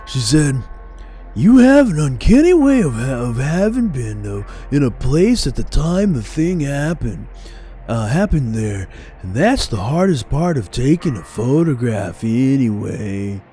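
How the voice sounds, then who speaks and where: A man's voice: medium pitch, big pitch swings, unhurried, dark tone, soft background music, voice pushed up. A man reading a musing river storyteller. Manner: reflective storytelling, reading aloud. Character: male riverboat worker telling old river stories. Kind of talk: reading game narration aloud.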